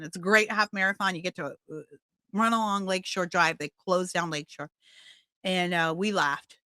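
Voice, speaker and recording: A woman in her fifties hosting a podcast, giving impassioned, confrontational commentary that bursts into loud outbursts. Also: mid-range voice, dry recording. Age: 50s. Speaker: podcast host.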